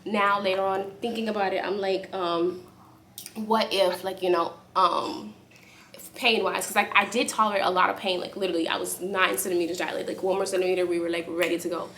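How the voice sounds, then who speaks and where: A young woman casually telling a story to camera for her vlog, chatty and animated, acting out what others said. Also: mid-range voice, brisk, slight background noise. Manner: animated, acts out quotes in a raised voice; speaks softly aside to her baby. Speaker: vlogger.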